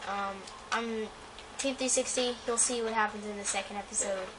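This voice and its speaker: A woman's voice: mid-range voice, moderate pace. A woman giving live gameplay commentary as the channel host, anxious, talking to the game and repeating phrases over and over. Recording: clear steady background noise.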